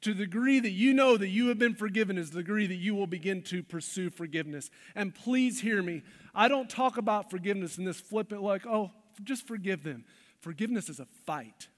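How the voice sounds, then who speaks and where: A man's voice: high-pitched, brisk, few pauses. A male pastor preaching a sermon in a church, passionate with emphatic outbursts. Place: church sanctuary. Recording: long reverb of a large hall.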